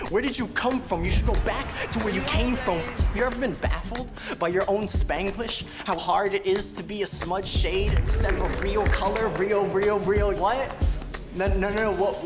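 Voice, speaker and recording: A young adult slam poet performing a spoken-word piece with a rhythmic, intense delivery. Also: mid-range voice. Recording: film audio with score underneath.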